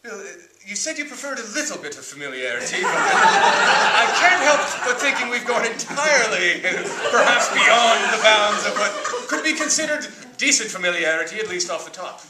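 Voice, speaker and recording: A man on stage improvising a fussy male therapist, speaking politely and haltingly with frequent chuckles. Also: sits high, very animated, heavy background noise. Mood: politely probing. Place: comedy stage. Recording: echoey room, mic at a distance.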